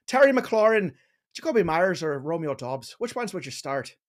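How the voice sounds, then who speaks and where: A man's voice: fairly high pitch, big pitch swings, moderate pace. A man hosting a live stream Q&A, reading viewer questions with playful, joking banter.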